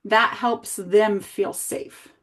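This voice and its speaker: A woman working as an early childhood coach, reflecting back and asking gentle guiding questions in a coaching conversation. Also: medium pitch, fairly even intonation, drawn-out words, a little hiss or hum.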